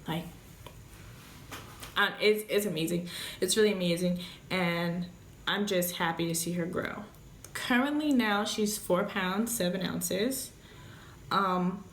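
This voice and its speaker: A young woman vlogs in a frank, emotional way, swearing freely as she talks. Her voice sits at an everyday pitch for a woman. The sound carries a noticeable room echo. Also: slight background noise. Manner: blunt, profane, emotional. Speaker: vlogger, new mother. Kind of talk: candid casual vlog talk. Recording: echoey room.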